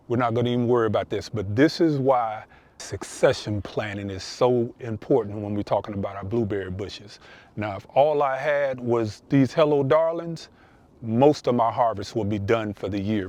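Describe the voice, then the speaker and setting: A man's voice: medium pitch, darkish tone, no room sound. Folksy man in a garden. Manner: folksy, explanatory, pointing things out. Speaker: gardening channel host. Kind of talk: casual garden walkthrough. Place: outdoor garden.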